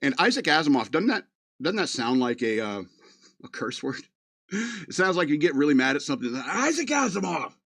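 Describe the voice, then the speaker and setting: A man's voice: on the high side, big pitch swings, a little fast, a bit bright, dry recording. A man hosting a radio show in a casual, meandering monologue full of fillers.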